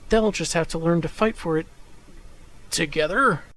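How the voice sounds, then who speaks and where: A man with a fairly high voice reads a scripted comic recap at an even clip. He slips dry, sarcastic jabs into the summary. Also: normal speed, poor audio. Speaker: comic book reviewer. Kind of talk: scripted narration.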